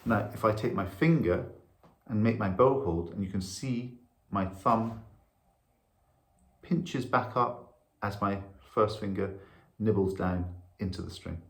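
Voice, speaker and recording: A man's voice: lowish voice, a little slow. A man teaching violin, patiently explaining bow technique step by step while demonstrating. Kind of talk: instructional lesson. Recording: echoey room with violin.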